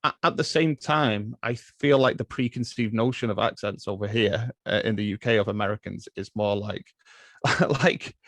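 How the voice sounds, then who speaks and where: A man's voice: fairly low pitch, steady tone, moderate pace, a bit bright, dry recording, studio quality. A man with an English accent, a podcast guest chatting casually about films, hesitant with fillers and restarts. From England. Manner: hesitant, many fillers and restarts, laughs often. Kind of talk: casual chat.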